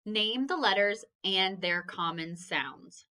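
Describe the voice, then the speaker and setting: A woman's voice: mid-range voice, animated, takes it slowly, bright, forceful tone. A woman teaching a phonics lesson to children, patiently sounding out each letter and praising answers.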